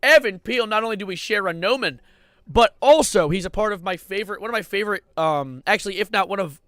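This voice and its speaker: Young man, streamer, casual livestream commentary, excitable, rambling, swearing, fairly high voice. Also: quick pace, dry recording, clean studio sound. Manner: excitable, rambling, swears, sudden loud outbursts.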